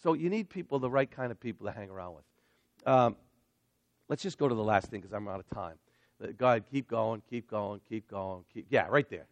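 A male pastor preaching a sermon in an animated way, swinging between loud emphatic lines and hushed asides. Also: on the low side, brisk, no room sound.

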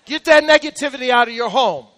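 Male pastor, high voice, echoing church hall, hammering sermon points. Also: fast, a bit bright. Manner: emphatic, repetitive exhortation.

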